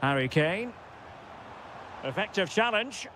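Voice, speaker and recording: A man giving play-by-play football game commentary, shouting on goals and calm between plays. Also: high voice, slow, slight background noise.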